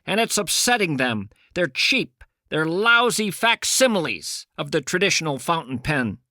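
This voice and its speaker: A male podcast host riffs through a rambling comic monologue and a prank phone call, full of theatrical mock outrage. His voice is on the high side with a sharp tone, recorded at studio quality with no echo.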